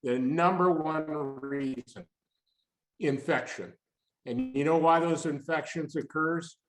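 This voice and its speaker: A man's voice: a little high, steady tone, slow pace. A man giving a webinar talk on employee engagement, emphatic and punchy, firing off rhetorical questions. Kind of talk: webinar presentation. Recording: roomy echo.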